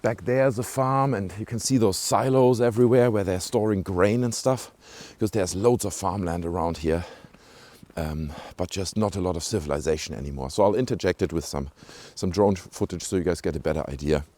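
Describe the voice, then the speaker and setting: A man whose voice sits low and has a darkish tone speaks at normal speed, with a British-sounding accent. He's vlogging on foot through a small rural village, chatting casually and rambling with many asides and fillers. Recorded on a handheld camera while walking, it has no room sound.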